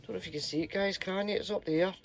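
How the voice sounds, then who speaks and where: A man's voice: high voice, fast, music in the background. A middle-aged man with a Scottish accent, chatting casually and playfully to his vlog viewers in a rambling way. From Scotland. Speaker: channel host.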